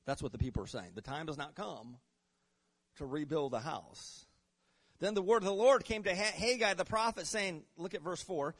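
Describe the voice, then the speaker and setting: A man preaching a sermon to his congregation, rising and dropping in pitch and volume, calling out "right?" and "Amen?" and reading scripture aloud. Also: normal speed. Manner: repeats and restarts words, asks congregation "right?" and "Amen?". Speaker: pastor.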